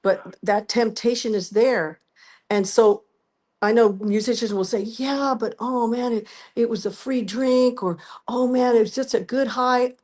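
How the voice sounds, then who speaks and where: A woman's voice: a little high, steady tone, unhurried, darkish tone. A woman guest telling her story in a casual interview, acting out both sides of the conversations. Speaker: guest singer.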